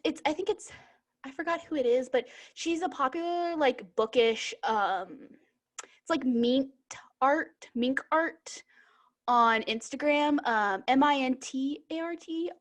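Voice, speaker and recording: A young woman co-hosting a casual podcast, chatting with lots of fillers and restarts. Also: fairly high pitch. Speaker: podcast co-host, bookseller. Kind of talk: casual chat.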